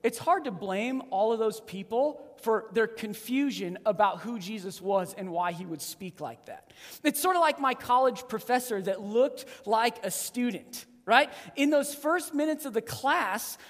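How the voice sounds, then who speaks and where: A preacher in their thirties or forties gives a sermon, swinging between loud emphasis and hushed, low, weighty lines. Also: expressive, unhurried. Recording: long reverb of a large hall.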